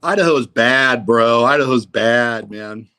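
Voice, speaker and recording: A man's voice: mid-range voice, measured pace, pushed and bright, a little hiss or hum. A man hosting a casual livestream, rambling and profane, full of "you know, man.". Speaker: livestream host.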